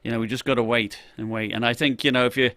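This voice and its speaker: A man with a medium-pitched, fairly bright voice talks fast with fairly even intonation while hosting a casual tech gear live stream. He rambles in loose runs packed with "uh," "you know," and restarts, often pausing to greet chat viewers by name. The audio is dry, with no room echo.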